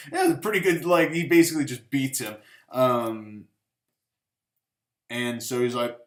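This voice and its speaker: A man's voice: mid-range voice, a little slow. Rambling, profane man reviewing a film. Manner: rambling, profane, full of fillers, acts out quotes. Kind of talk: casual rambling film recap. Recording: echoey room.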